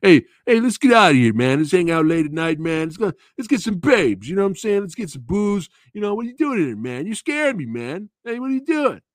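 A man's voice: high voice, sing-song, fairly quick, few pauses, no room sound, clean studio sound, voice pushed up. A man imitating a brash, restless young street tough who keeps pushing his brother to go out partying. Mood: pushy excited. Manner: pushy, calling "man" again and again.

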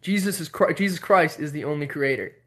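A man imitating a stern, preachy male stranger, speaking slowly and insistently in a lower voice. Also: lightly acted.

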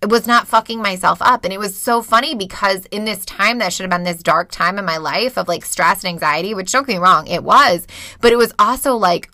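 A woman's voice: mid-range voice, a little fast, sharp tone, no room sound, clean studio sound. A woman in her thirties talking frankly and emotionally to listeners, swearing freely, recorded in a small closet at home. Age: 30s. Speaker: podcast host. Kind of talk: candid personal monologue.

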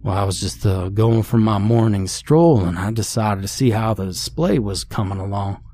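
A man's voice: on the low side, moderate pace, warm tone, lightly acted. A man voicing an older male farmer neighbor in a storybook horror tale. He talks in a folksy drawl, friendly but stern.

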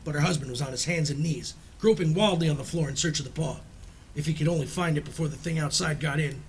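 A man telling a ghost story aloud in a dramatic, suspenseful reading, sinking low and quiet at tense moments. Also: quick pace, a little hiss or hum.

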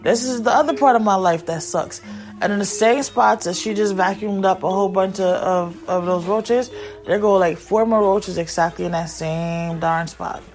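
A mother hosting her own podcast, chatting to her listeners in a candid, rambling way. Her voice sits at an everyday pitch, and she drifts off mid-thought to deal with her kids before picking up the thread again. Soft music plays faintly under her. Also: normal speed. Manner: frank and scattered, breaks off to tend her kids.

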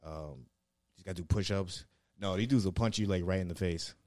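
A man's voice: low-pitched, a little fast, darkish tone, no echo, studio quality. A man telling rambling, profanity-laced stories in casual chat, full of fillers. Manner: laid-back, swears a lot, lots of fillers. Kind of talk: casual storytelling.

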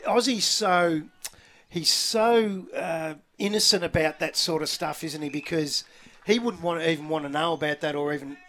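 A man's voice: on the high side, fairly even intonation, bright, forceful tone. Enthusiastic Australian radio host man. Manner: enthusiastic, matey, drawn-out delivery. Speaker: radio sports show host. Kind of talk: casual radio interview. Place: outdoor broadcast at a football ground.

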